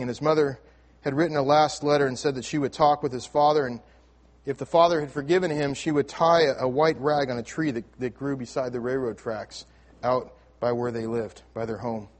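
A man preaching a sermon to his congregation, telling a story with frequent restarts and repeated words, swinging between loud emphasis and hushed, near-whispered lines. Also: mid-range voice, steady tone, brisk. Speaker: pastor. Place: church sanctuary with congregation.

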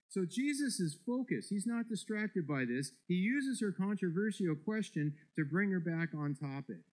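A man's voice: high voice, expressive, moderate pace, few pauses, a little mellow, low-quality recording. A male pastor preaching a sermon, emphatic and repeating words as he builds each point.

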